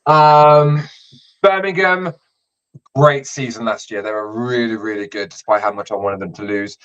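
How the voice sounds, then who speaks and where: A man's voice: medium pitch, moderate pace, a bit bright, smooth. Filler-heavy male podcast host, dull audio. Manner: explains rules with many fillers. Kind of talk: casual sports podcast chat.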